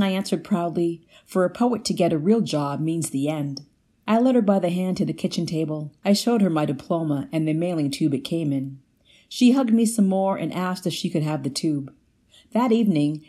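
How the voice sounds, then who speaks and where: Female reader for literary prose; low, mellow voice, measured delivery. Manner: measured, lifts pitch for quoted lines. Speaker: guest reader. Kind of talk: literary reading aloud.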